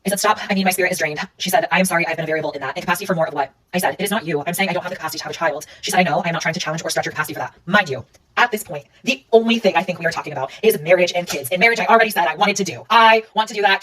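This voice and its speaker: Very fast-talking woman telling a story. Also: on the low side, fairly bright tone, far from the mic, low-quality recording. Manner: rapid recounting, reading out text exchanges. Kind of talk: casual storytime monologue.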